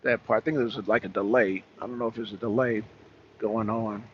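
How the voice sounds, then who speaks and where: Husky man hosting a political talk. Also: on the low side, fairly even intonation, brisk. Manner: emphatic and repetitive, with frequent restarts. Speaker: talk show host. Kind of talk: casual political talk with a caller. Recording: dull lo-fi sound.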